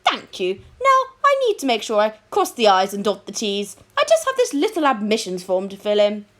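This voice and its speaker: A woman's voice: medium pitch, wildly swooping pitch, moderate pace, a bit bright. A woman voicing a young, nervous male doctor who speaks in a posh, apologetic, sing-song way, read in a children's storybook. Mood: flustered, cheery. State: out of breath.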